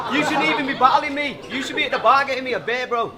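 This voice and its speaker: Man, taunting battle rapper, very high voice, loud crowd noise, noisy bar. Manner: taunting, brash, swearing. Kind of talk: rap battle verses over a loud crowd. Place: bar venue, indoors.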